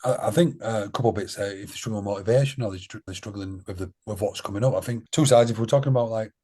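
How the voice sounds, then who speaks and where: A man's voice: on the low side, racing, mellow. A man speaking as a podcast guest in a blunt, earnest, casual way, often repeating phrases for emphasis. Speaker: podcast guest, charity co-founder. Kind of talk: casual conversation.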